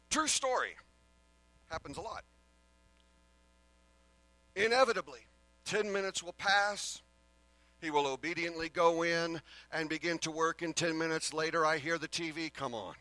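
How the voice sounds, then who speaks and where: Emphatic preaching man, bright voice. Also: a little high, normal speed, pauses often, dry recording, rough recording. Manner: swings between loud emphatic preaching and quiet earnest asides. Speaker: pastor. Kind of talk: sermon.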